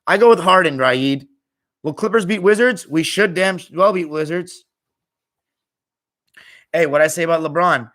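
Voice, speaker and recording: A young American man hosting a live stream, reading chat comments in a tired, offhand way and trailing off quietly at the ends of phrases. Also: a little high, normal speed, pauses often.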